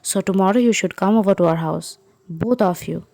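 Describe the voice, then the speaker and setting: A woman's voice: mid-range voice, fast, darkish tone, no echo, natural voice. A woman voicing a protective mother who worries about her grown sons, earnest and insistent.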